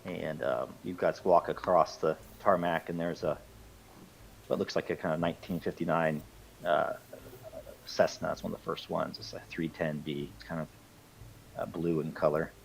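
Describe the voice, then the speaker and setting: A man's voice: very deep voice, little pitch movement, moderate pace, gravelly, a little hiss or hum. A man narrating as game master in a casual, rambling way with many fillers. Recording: dull lo-fi sound with faint music.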